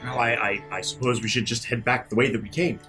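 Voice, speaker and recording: A man's voice: medium pitch, steady tone, quick pace, over music. A man playing his character in a tabletop game, speaking earnestly with stammers. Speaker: player. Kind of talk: in-character role-play.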